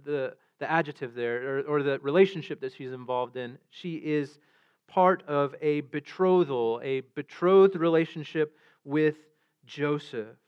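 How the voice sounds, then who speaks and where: A man's voice: on the high side, clean tone. A man preaching a sermon as pastor, earnest, often repeating words as he restarts. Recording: dull lo-fi sound.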